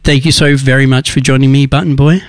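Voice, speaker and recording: A man's voice: medium pitch, level tone, quick pace, no room sound, studio quality. A man hosting a radio show, giving earnest, rambling advice on recovery with many restarts. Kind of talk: casual recovery advice talk.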